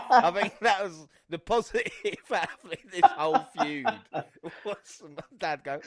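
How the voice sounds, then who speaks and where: A man's voice: medium pitch, moderate pace, a bit bright. A man co-hosting a podcast in casual chat, laughing often and swearing freely. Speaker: podcast co-host.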